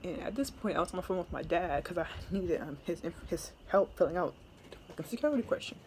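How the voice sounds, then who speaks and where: A woman's voice: fairly low pitch, lively intonation, quick pace, darkish tone, a little hiss or hum. Chatty young woman telling a story. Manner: chatty, laughing, many "like" fillers. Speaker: military recruit vlogger. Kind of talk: casual storytime.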